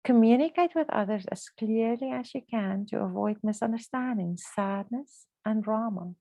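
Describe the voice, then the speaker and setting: Woman podcast host, slightly high voice with some vocal fry, earnest and reflective, dry close sound. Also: normal speed, mellow, no echo. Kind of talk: casual conversational podcast talk.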